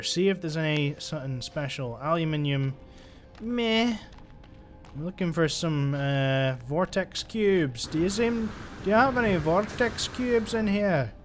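A young man giving chatty, exasperated let's-play commentary as he plays, talking to himself. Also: fairly high pitch. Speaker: gaming channel host.

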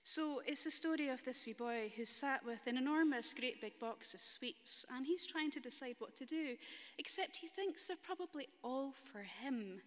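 A Scottish woman minister telling a children's story in a church service in a gentle, playful way. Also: high-pitched, lively intonation, normal speed. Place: large stone cathedral. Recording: long cathedral reverb.

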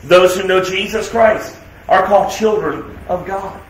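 A man preaching a sermon as pastor, emphatic, asking rhetorical questions and swinging between loud declarations and quiet, soft asides. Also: sits high, measured pace, slight background noise. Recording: echoey room sound.

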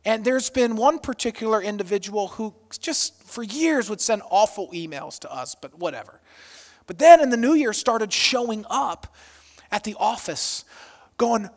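Pastor in his thirties, lively storytelling sermon, fairly high male voice, shouts out the quoted lines. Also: normal speed. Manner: animated, self-deprecating, acts out quotes loudly.

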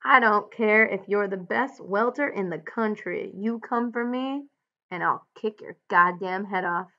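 Storybook read-aloud role: woman voicing a mocking tough ranch hand, slow contemptuous drawl, slightly muffled recording. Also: mid-range voice, pushed and bright.

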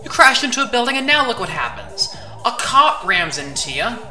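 A woman commentating on a game she is playing, playful and excitable, talking to the characters on screen. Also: fairly high pitch, moderate pace. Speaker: gaming channel host. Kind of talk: let's play commentary. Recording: music playing under voice. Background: background music.

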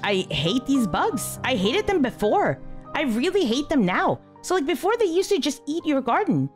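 A woman commenting on her game as she plays, her voice set high and jumping all over. She sounds exasperated, swinging from high yelps to low mutters, while faint game music plays behind her. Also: very animated, moderate pace. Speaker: gaming channel host. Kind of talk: casual let's-play commentary.

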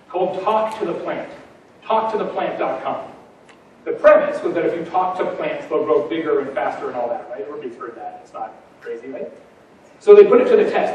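Hombre enérgico en un salón con mucho eco. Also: male voice, high-pitched, heavy reverb, distant mic, slight background noise, low-quality recording. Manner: energetic, punchy, rhetorical questions. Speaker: keynote speaker. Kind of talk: conference keynote. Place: large conference hall.

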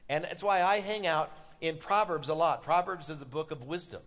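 A fairly high-voiced man preaching a sermon to his congregation, swelling to loud, impassioned emphasis and then dropping back down. His voice carries a long reverb tail through a large church sanctuary. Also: normal speed. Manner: impassioned, rising loud on the father's words. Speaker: pastor.

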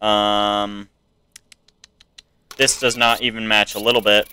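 A man's voice: fairly low pitch, little pitch movement, takes it slowly, pushed and bright, slight background noise. An American man casually commenting to himself while playing a video game. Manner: musing, talking to himself. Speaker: gamer. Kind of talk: let's play commentary.

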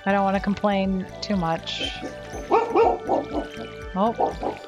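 A woman's voice: medium pitch, steady tone, slow pace, highs cut off, over music. A sleepy woman chatting casually while she plays a farming game, yawning now and then and asking questions. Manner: drowsy, yawning, chatty, talks softly to pets. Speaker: streamer playing a farming game. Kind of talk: casual gameplay chat.

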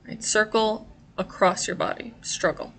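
A woman's voice: medium pitch, measured pace, gravelly, fairly bright tone. A woman teaching a sign language class, explaining each sign patiently and step by step. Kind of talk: instructional explanation.

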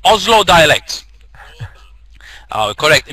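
A man moderating a webinar, chatty and quick to laugh, reading out poll results. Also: high voice, expressive, bright, forceful tone. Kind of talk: casual moderating.

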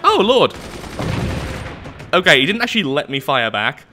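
A man's voice: medium pitch, very animated, quick pace, background noise. A man giving casual, jokey let's-play commentary, reading on-screen text aloud and exclaiming. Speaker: gameplay commentator.

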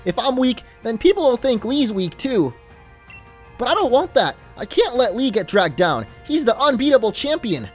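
A man's voice: very high voice, big pitch swings, moderate pace, soft background music, voice pushed up, full character voice. A man voicing an earnest teenage boy rival trainer with a light put-on British accent and an eager, heartfelt way of talking. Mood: downcast.

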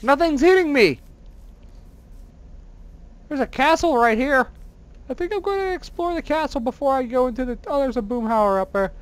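A gamer commenting on their own play in a very high voice. They exclaim constantly, whine when things go wrong, and poke fun at their own mistakes. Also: normal speed, long pauses. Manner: excitable, exclaiming and whining at the game; self-mocking.

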